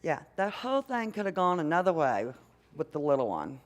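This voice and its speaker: An older woman, a mother and grandmother, preaching a sermon in a church with an unhurried, conversational manner, often asking the congregation questions. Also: sits low, big pitch swings. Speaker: minister. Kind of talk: sermon with storytelling. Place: church sanctuary. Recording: long hall reverb.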